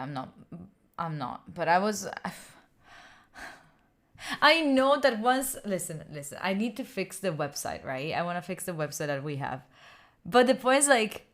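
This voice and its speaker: A young woman from Italy, speaking English, talks casually on her study stream. She sounds tired and rambles, filling her sentences with "like" as she reads and answers her chat. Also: fairly low pitch. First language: Italian. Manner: rambling and chatty, reading and answering chat, lots of "like".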